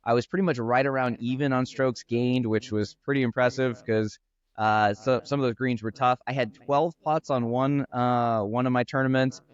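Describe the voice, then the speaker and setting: A man's voice: medium pitch, fairly even intonation, clean tone, highs cut off. A man who teaches golf, talking earnestly in a casual podcast chat, with lots of fillers. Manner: earnest, fast-flowing with frequent fillers. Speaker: golf instructor and brand founder.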